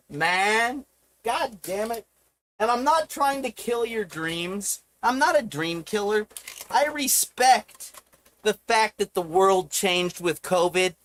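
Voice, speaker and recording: A woman's voice: mid-range voice, fairly bright tone, dry recording. A woman streamer on a livestream, ranting in a heated, profane way. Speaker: live streamer.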